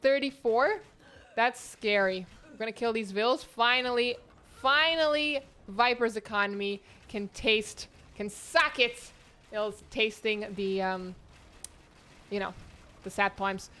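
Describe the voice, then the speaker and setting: This woman hosts a tournament of her own and casts it live from home, close to the internet modem. Speaking at a medium pitch, she gives chatty, excitable esports play-by-play that jumps between exclamations.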